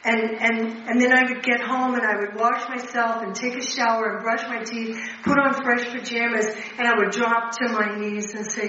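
A woman's voice: on the high side, little pitch movement, normal speed, bright, forceful tone, slight background noise. An older woman speaking earnestly and bluntly about recovery to a meeting, heard from a distance in a large room. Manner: emotional, earnest, blunt with profanity. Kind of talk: personal recovery talk. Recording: distant, echoey, muffled hall recording.

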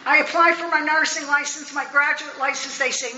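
A woman in her sixties tells her life story to a meeting, her high, very bright voice animated and laughing often. The sound is echoey and a little muffled, caught in a hall. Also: unhurried, slight background noise. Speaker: speaker sharing her recovery story. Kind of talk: personal testimony talk.

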